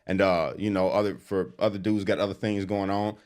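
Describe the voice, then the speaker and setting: A man guest telling an animated story in casual talk. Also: deep voice. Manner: animated, quick storyteller who acts out quotes. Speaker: interview guest.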